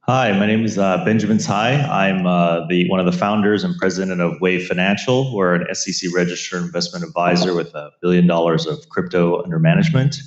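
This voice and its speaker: A man introducing himself on a conference panel in a halting way, with fillers. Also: low-pitched, steady tone. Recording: echoey hall, dull sound.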